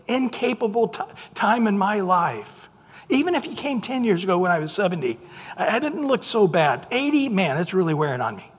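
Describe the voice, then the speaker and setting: A man's voice: high-pitched, slightly rough, long reverb tail. A male pastor preaching a sermon in a conversational way, acting out inner voices with dramatic drops to near whispers. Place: church sanctuary.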